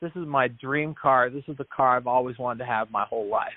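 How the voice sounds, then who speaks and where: A medium-pitched man speaks briskly in this dry recording, a podcast guest who founded a business. He tells an interview story earnestly, acting out what people said and repeatedly restarting his words. The audio has a tinny, telephone-like quality.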